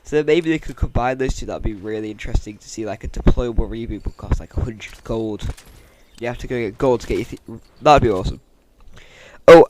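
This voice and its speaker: A man, chatting casually through game news as a YouTuber, with jokey asides and a fairly monotone delivery. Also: mid-range voice, a little fast, dry recording. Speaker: gaming YouTuber. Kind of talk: casual game-news commentary over gameplay.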